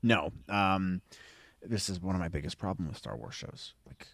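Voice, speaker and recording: A man's voice: low-pitched, moderate pace, a bit bright. A man co-hosting a podcast, chatting casually and jokily during a live watch-along. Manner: laid-back, chatty, jokey. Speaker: podcast co-host.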